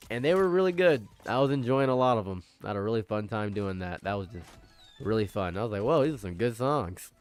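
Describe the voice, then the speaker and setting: A man's voice: fairly low pitch, smooth. A man talking casually as a vlogger, rambling playfully and repeating his jokes with mock villainy. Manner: playful, repetitive, jokingly villainous.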